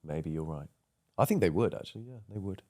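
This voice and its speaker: A man's voice: deep voice, expressive, quick pace, warm tone. A man co-hosting a podcast in casual chat, easygoing, agreeing a lot and chiming in. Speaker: podcast co-host.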